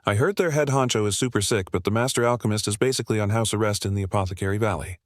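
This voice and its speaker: A man reading the lines of a weary old village grandfather who speaks deadpan. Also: lowish voice, very fast, no room sound, studio quality, natural voice.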